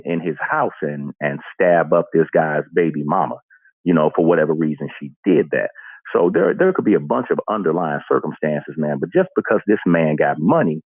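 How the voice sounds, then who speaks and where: A man's voice: sits low, no echo. A man calling into a livestream, giving earnest, reflective casual commentary over a phone line. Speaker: caller to a livestream.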